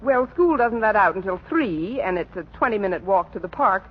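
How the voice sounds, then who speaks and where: An actress playing a dry, sarcastic schoolteacher in 1940s radio acting. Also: female voice, mid-range voice, animated, a little fast, husky. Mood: wry. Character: wisecracking schoolteacher woman, dry and sardonic. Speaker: teacher. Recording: dull old radio broadcast with faint hiss.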